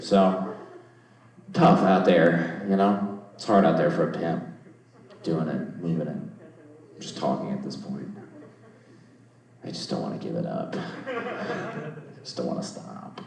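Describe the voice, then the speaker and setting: On a comedy club stage, a young comic riffs loosely with the crowd, rambling, cursing, and putting himself down. His low voice is creaky and a little mellow. Heavy reverb and a distant mic make for a low-quality recording.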